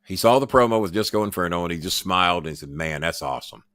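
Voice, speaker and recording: A man's voice: low-pitched, lively intonation, quick pace, fairly bright tone, dry recording. A man hosting his own show, rambling through casual stories with boasts, swearing and stammered restarts. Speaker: podcast host. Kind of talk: casual storytelling monologue.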